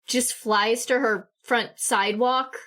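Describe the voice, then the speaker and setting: Giggly woman player, fairly high voice. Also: fairly even intonation, slow pace, sharp tone. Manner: giggly, hesitant, many fillers. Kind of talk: tabletop role-play chat.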